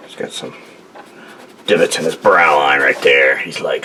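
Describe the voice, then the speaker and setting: A man's voice: rumbling low, fairly even intonation, measured pace, pauses often, sharp tone, slight background noise. A man talking casually and rambling through a drawing demonstration at his desk, joking and talking to himself as he works. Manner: rambling, jokey, talks to himself while drawing. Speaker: artist. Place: home studio desk.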